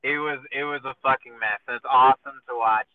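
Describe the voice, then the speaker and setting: A man's voice: mid-range voice, steady tone, a little fast, a crowd in the background. Rambling, swearing man on a tinny line. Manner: rambling storyteller, swears freely, acts out quoted voices. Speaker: podcast host. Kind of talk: casual chat. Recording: tinny lo-fi phone-like sound with faint noise.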